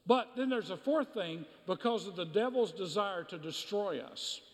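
A man's voice: high-pitched, animated, normal speed. A man preaching a sermon as pastor, emphatic and repetitive, in a church sanctuary. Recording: long hall reverb.

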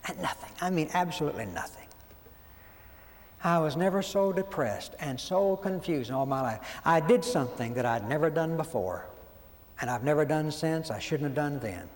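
A man, preaching a sermon as folksy, animated storytelling and acting out quoted voices. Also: a little high, normal speed. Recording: long hall reverb, faint background noise.

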